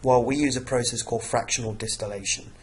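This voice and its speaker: A man with a croaky voice from a cough, teaching an exam revision lesson and peppering his talk with "okay". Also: mid-range voice, fairly even intonation, quick pace. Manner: repeats "okay" and "obviously" often.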